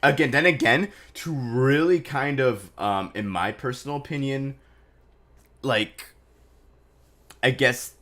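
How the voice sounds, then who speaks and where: A man's voice: mid-range voice, slow, long pauses, sharp tone. A man chatting casually on a live stream, loose and rambling with lots of fillers.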